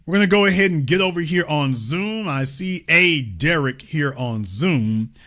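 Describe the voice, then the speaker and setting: Male talk host, lecturing and emphatic, bright forceful tone, animated delivery. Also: on the high side, normal speed. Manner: emphatic, lecturing, presses the caller. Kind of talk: political commentary and call-in.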